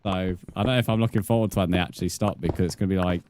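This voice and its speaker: A man's voice: low voice, fairly even intonation, racing, darkish tone, slight background noise. A man livestreaming a game, chatting casually with viewers, bantering and swearing at the chat in mock threats.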